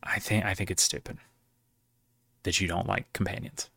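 A man's voice: sits low, level tone, normal speed, creaky, sharp tone, husky, dry recording. A man co-hosting a casual gaming podcast, rambling with lots of fillers and restarts. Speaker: podcast co-host. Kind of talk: casual chat.

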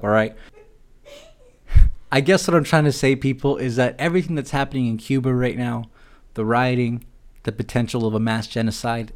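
Sarcastic, profane man ranting solo. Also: mid-range voice. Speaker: podcast host. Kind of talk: solo political rant.

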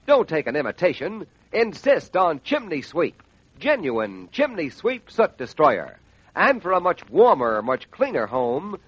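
A man announcing on a radio show, reading a brisk hard-sell advertisement, on a dull lo-fi 1940s radio recording. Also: high voice, fairly bright tone, breathy edge. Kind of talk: radio ad read.

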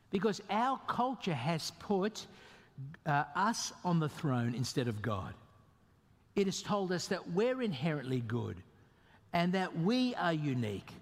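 A man preaching a sermon as pastor, emphatic and animated, with sudden jumps in pitch. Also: a little slow. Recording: long reverb of a hall.

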